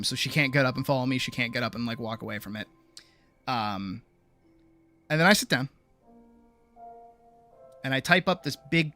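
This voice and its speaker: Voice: mid-range voice, bright, forceful tone. A streamer telling a long, frustrated story in a casual livestream rant, full of restarts and asides. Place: home streaming setup.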